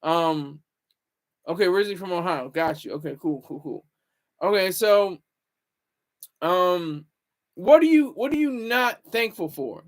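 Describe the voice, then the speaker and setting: High-voiced man chatting on a livestream. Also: lively intonation, measured pace, long pauses. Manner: rambling, talks back to viewer comments. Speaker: livestream host. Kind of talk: casual livestream chat.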